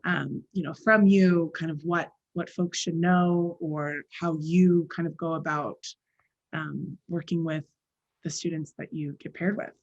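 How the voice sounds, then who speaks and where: A woman's voice: low-pitched, fairly even intonation, unhurried, no echo. A woman interviewer asking friendly, meandering questions full of fillers. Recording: dull dry lo-fi sound.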